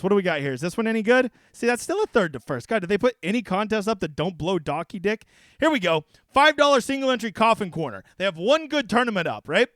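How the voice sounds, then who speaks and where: A man hosting a casual fantasy sports picks breakdown, brash, profane and excitable as he talks to the viewer. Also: sits high, no room sound, studio quality. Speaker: daily fantasy sports analyst and host.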